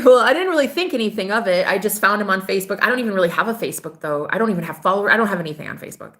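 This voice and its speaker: A woman spinning a personal story for her viewers in a loose, chatty way. She is animated and familiar, swears freely and calls her audience "girl". Her pitch sits in the middle for a woman. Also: racing, few pauses. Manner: voices other people in quoted dialogue. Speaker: spiritual advisor. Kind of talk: casual storytelling to camera.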